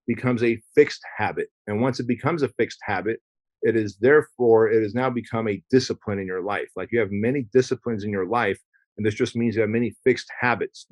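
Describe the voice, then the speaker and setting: A man of ordinary pitch talking as a podcast guest, emphatic and loose, slipping into acted-out dialogue. The sound is close and dry, with no room around it. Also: no room sound. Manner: emphatic, acts out quoted dialogue, casual swearing. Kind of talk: casual conversational interview.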